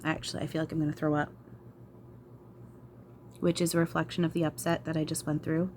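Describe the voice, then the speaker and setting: A woman's voice: sits low, little pitch movement, a little fast, a little mellow, a little hiss or hum. A woman channeler talking to camera in an emotional vlog, frustrated, sighing and swearing. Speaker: spiritual channeler.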